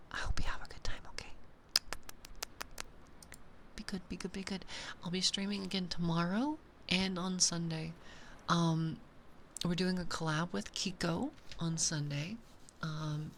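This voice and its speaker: Young adult female streamer, low-ish gravelly voice, excitable rambling chat. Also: slight background noise. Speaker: VTuber streamer.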